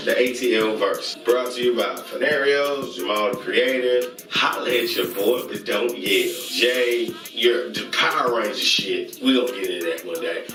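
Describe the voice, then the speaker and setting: Male vlog host, excitable and chanting, roomy distant mic with music bed. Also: medium pitch, normal speed, few pauses. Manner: excitable, chants call-and-response catchphrases. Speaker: host reviewing online comedy channels. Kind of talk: casual hyped-up vlog shout-outs.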